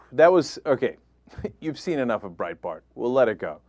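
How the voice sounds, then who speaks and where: A man's voice: mid-range voice, big pitch swings, normal speed, darkish tone, dull audio. A man hosting a political commentary show, talking in an angry, sarcastic and emphatic way. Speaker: host.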